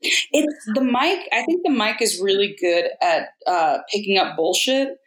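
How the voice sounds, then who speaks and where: A woman voice actor talking candidly in a casual interview, animated and quick to mimic people in her stories. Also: medium pitch. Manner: candid, animated storyteller who mimics others. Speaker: voice actor guest. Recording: roomy echo.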